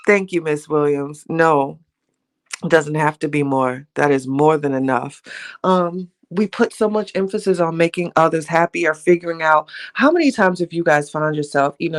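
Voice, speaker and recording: A woman in her forties hosting a casual live stream, musing aloud in a reflective, conversational way and greeting viewers by name. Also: sits low. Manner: peppers talk with "you know what I'm saying".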